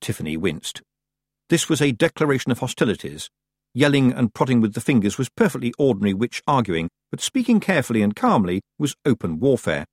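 A man narrating a story in an expressive audiobook reading. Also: mid-range voice, brisk, dry recording, clean studio sound. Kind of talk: scripted narration.

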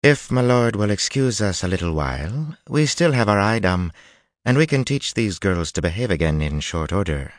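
A man voicing a coldly polite, menacing woman jailer who speaks slowly and smoothly. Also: lowish voice, very animated, dry recording, studio quality, pitched above the performer's own voice.

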